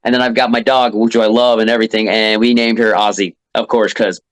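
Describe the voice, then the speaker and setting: A man's voice: lowish voice, level tone, a little fast. A man who hosts a horror show, a laid-back podcast guest chatting casually. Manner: laid-back, drops short agreeing replies. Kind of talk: casual chat.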